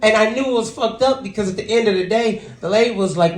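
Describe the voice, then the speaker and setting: A man's voice: high voice, quick pace. A man performing a stand-up comedy set, telling a story and acting out the people in it. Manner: animated storytelling, acts out characters. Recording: echoey venue with audience laughter. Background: audience laughter.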